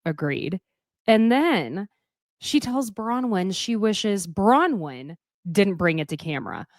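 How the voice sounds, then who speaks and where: Woman, recap vlogger, candid and opinionated, middle-pitched voice with a dry close sound. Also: sing-song, slow, dry recording. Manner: candid and opinionated, swears casually. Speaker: reality TV recap host. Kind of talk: casual recap commentary.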